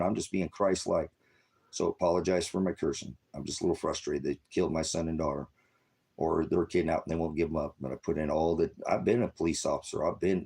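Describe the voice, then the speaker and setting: Middle-aged man streaming a furious, swearing rant; low, husky voice that flares into shouts. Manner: profane, agitated, shouting bursts. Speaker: online streamer. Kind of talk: angry ranting monologue.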